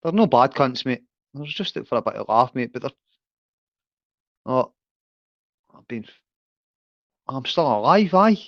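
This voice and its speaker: A man's voice: mid-range voice, big pitch swings, measured pace, long pauses, no room sound. Man chatting on a lo-fi call. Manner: says "aye" and "mate" constantly, rambling. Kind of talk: casual livestream chat. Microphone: device on a video call. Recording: dull lo-fi call audio.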